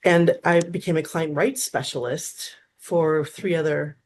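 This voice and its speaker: A woman's voice: low-pitched, measured pace, slight background noise. A woman in her fifties, a therapist, telling stories in a casual interview, full of restarts and acted-out dialogue. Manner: animated, acts out quoted dialogue, frequent restarts. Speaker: therapist, guest.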